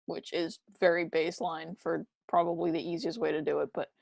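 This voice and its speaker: Low gravelly woman co-hosting a podcast. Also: flat delivery, fairly quick, a little mellow, dry recording. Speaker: podcast co-host. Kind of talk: casual podcast conversation.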